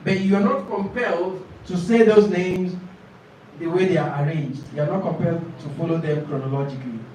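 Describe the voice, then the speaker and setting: A man teaching a speaking-test lesson, repeating and modelling answers slowly and emphatically. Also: on the high side, steady tone, darkish tone, a little hiss or hum. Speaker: IELTS speaking coach. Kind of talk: classroom lesson to camera. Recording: very echoey classroom from far off.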